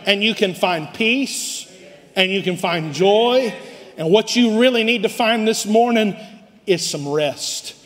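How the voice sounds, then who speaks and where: A man preaching a sermon to his church, swelling loud and then dropping low. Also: expressive, slow pace. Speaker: pastor. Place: church sanctuary. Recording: live hall reverb.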